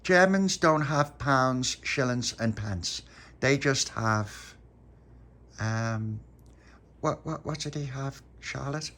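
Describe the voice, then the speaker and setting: A man voicing a prim little girl who talks slowly and carefully. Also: medium pitch, a bit bright, pitched above the performer's own voice.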